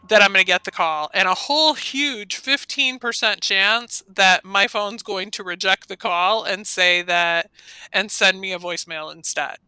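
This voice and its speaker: A woman's voice: medium pitch, pushed and bright, clear, resonant tone, no room sound. A woman co-hosting a podcast in casual chat, chatty and saying "like" a lot. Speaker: podcast co-host.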